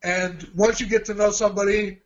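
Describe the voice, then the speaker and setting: High-voiced man telling stories. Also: fairly even intonation, fairly quick, highs cut off. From Australia. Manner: chatty, with restarts and quoted dialogue. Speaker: martial arts teacher and fight promoter. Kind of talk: interview storytelling.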